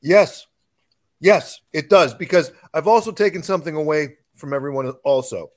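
A man's voice: on the high side, lively intonation, normal speed. A married man co-hosting a podcast, talking in an emphatic, sarcastic way in casual chat. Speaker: podcast co-host.

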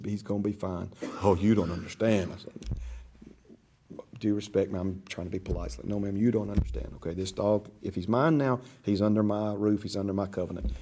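A man's voice: fairly low pitch, darkish tone, slight background noise. An older man with grandchildren teaching a church discipleship class, conversational and storytelling, acting out voices in his stories.

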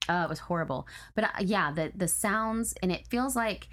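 A woman's voice: mid-range voice, moderate pace, heavy background noise. A woman co-hosting a podcast, chatting casually and reading listener stories in a blunt, profane way. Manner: blunt, profane, animated when ranting. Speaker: podcast co-host.

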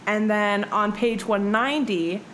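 A young woman hosts a casual book chat, talking in a lively, profane way with "like" sprinkled everywhere. Her voice sits at an ordinary middle pitch. A faint hiss lies under the recording. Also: a little slow, poor audio. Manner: animated, swears freely, lots of "like". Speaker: podcast host.

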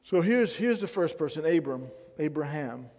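A man's voice: fairly high pitch, expressive, normal speed, darkish tone. A male pastor preaching a sermon, emphatic, repeating phrases and questioning the congregation. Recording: long hall reverb.

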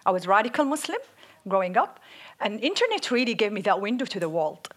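A woman from Saudi Arabia with an Arabic accent, co-hosting a live podcast and telling stories in a lively, animated way. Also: mid-range voice, fast. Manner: lively, laughs often, animated storytelling. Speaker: podcast co-host. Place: stage before a live audience.

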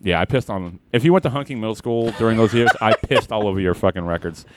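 A man's voice: lowish voice, fast, heavy background noise. A man co-hosting a podcast, teasing and jumping in with jokes. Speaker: podcast co-host. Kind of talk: casual chat.

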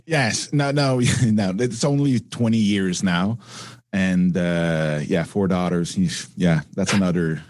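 Quebec-French-accented man, low voice. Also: a little mellow, no echo. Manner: friendly, halting, with restarts. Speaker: guest entrepreneur. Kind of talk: casual interview chat.

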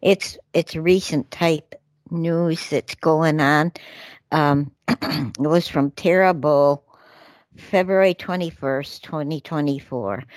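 A woman co-hosting a casual talk show, reading news aloud with animated outbursts and asides. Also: low voice, dry recording. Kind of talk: casual political chat.

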